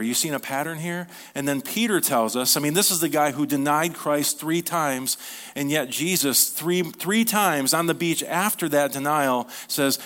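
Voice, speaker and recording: Earnest conversational male preacher. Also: fairly bright tone. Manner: earnest, conversational, asks the listeners questions; reads scripture slowly, then rises in pitch and energy. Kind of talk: sermon.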